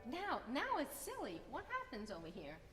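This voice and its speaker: In a concert hall with a piano, a woman coaches a piano masterclass, encouraging students and singing phrases to demonstrate. Her high voice swoops wildly in pitch at a normal speed, and the hall echoes with piano playing.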